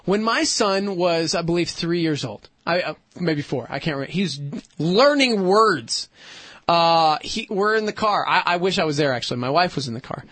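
A man with a notably high speaking voice chats casually on a podcast and tells his stories with lively, acted-out quotes. The sound is dry and close, with no room echo. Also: normal speed. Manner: animated storyteller who acts out quoted voices. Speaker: co-host.

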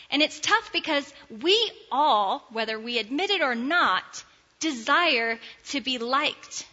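A woman preaching a sermon, slow and deliberate, reading scripture aloud. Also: high-pitched, sharp tone. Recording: dull sound, long hall reverb.

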